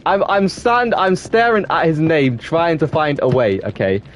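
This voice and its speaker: A man's voice: on the high side, lively intonation, measured pace, a little hiss or hum. Rambling young Englishman chatting with viewers. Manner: rambling, self-admitted waffling with many restarts. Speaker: streamer. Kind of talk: casual gaming stream chat.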